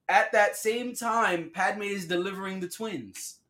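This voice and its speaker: On a casual podcast, a male co-host with a high voice speaks unhurriedly, tossing out slang and energetically acting out quotes.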